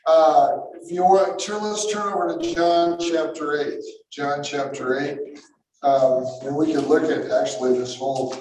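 A man preaching through a Bible passage, animated and full of rhetorical questions, often correcting himself mid-sentence. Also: fairly high pitch, a little hiss or hum. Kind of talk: expository Bible teaching. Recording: echoey room, mic at a distance.

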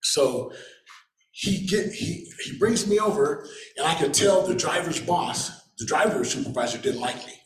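A man's voice: mid-range voice, slight background noise. A man giving a casual personal faith testimony, chuckling now and then and acting out what other people said. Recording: roomy echo.

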